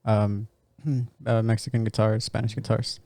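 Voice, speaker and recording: A man's voice: fairly low pitch, flat delivery, normal speed, a little mellow, dry recording. Podcast co-host, a man, explains things plainly, dry close-miked sound. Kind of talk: casual chat.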